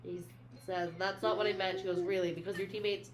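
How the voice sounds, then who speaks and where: A woman's voice: mid-range voice, flat delivery, fairly quick, slight background noise. A young woman co-hosting a podcast, casually recapping a book and reading quoted lines aloud, with lots of "she's like". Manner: retells scenes, reading quotes aloud, many "she's like" fillers. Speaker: podcast co-host.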